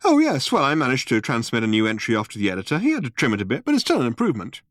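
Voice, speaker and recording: Man doing a breezy no-fuss alien guy, bit higher than the narrator, dry. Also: huge pitch swings, rapid-fire, no room sound. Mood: offhand. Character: unflappable, offhand alien researcher Ford.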